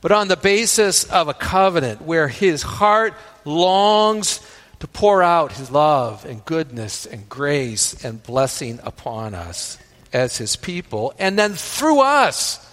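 A man's voice: fairly high pitch, fairly bright tone, long reverb tail. A man preaching a sermon as pastor. He often checks in with the congregation by asking "right?" and retells scripture at length.

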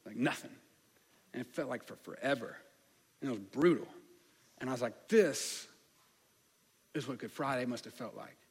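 A man with a slight lisp, telling a personal story in a sermon in a candid way with many fillers. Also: mid-range voice. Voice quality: slight lisp on some words. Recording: long hall reverb.

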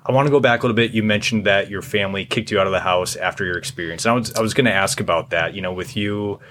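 A man's voice: fairly low pitch, rapid-fire, fairly bright tone, a little hiss or hum. A man hosting a faith-based interview, reflective and encouraging as he asks questions. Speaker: interview host.

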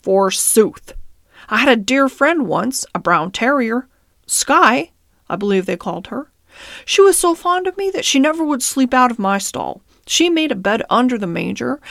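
A woman's voice: fairly high pitch, a bit bright, no room sound, studio quality. A woman voicing a fiery old male horse in a storybook reading, speaking indignantly. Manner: indignant, protesting.

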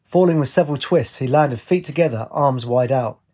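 Husky man narrating a story. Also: mid-range voice, normal speed, warm tone.

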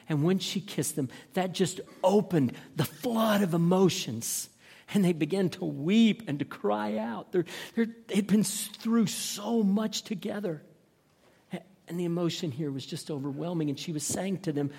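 A man's voice: fairly high pitch, expressive, measured pace, creaky, a little mellow, husky, long reverb tail. A man preaching a sermon, reading a passage aloud and explaining it earnestly, often repeating words as he restarts.

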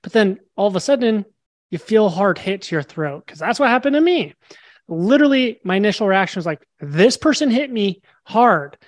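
His voice sits high and moves fairly quickly, animated, in a dry recording with clean studio sound. The young podcast guest narrates a story during a casual interview, performing the dialogue with lively energy.

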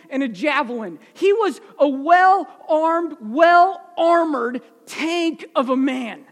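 A male preacher telling a Bible story in a conversational way, often asking the audience questions. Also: extremely high pitch. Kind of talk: sermon storytelling. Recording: echoey hall.

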